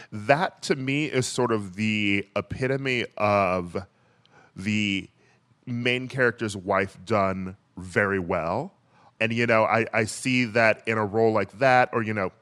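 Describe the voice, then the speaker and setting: A man with a lowish voice interviewing an actress. His long question rambles and he hesitates often along the way. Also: a bit bright. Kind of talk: casual interview chat.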